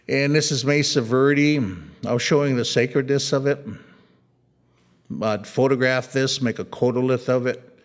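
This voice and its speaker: A middle-aged man from the United States, an artist talking casually at an art museum about his photographs, rambling and anecdotal, with frequent restarts and a joking tone. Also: mid-range voice. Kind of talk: casual gallery talk.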